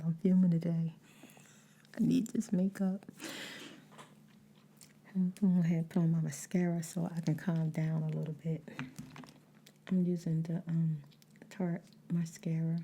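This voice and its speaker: A woman telling a story in a soft whispered ASMR voice while chewing gum and doing her makeup, talking casually to her listeners. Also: on the low side, level tone, moderate pace, creaky, a little hiss or hum. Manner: chatty, addresses listeners as y'all.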